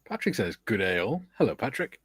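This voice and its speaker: A man's voice: on the low side, big pitch swings, brisk, fairly bright tone, husky, no room sound. A man on a live model-building panel, reading out chat comments in a dry manner. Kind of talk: casual live-stream chat.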